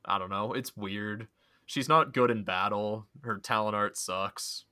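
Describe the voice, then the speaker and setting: A man's voice: lowish voice, a little slow, pushed and bright. A man co-hosting a casual video game podcast, giving blunt, opinionated takes. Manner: blunt, opinionated gamer talk. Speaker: podcast co-host. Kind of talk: casual spoiler chat.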